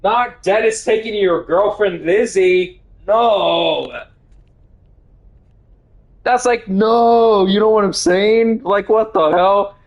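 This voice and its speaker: A man streaming a video game live, reacting excitably, swearing and shouting. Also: high voice, slow pace, lo-fi sound. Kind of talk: live gaming stream commentary.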